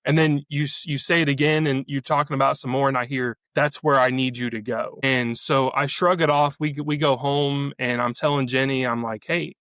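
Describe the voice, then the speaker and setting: A man's voice: mid-range voice, level tone, a bit bright, dry recording. A man sharing a personal faith testimony as a guest, often restarting and repeating words as he remembers. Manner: halting, repeats words as he recalls. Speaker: podcast guest.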